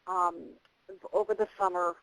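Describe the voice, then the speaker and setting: A woman's voice: fairly low pitch, little pitch movement, measured pace, no room sound, low-quality recording. A middle-aged woman, a psychic medium guest, telling a story in casual, rambling chat full of fillers and restarts. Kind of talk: casual storytelling on a radio interview.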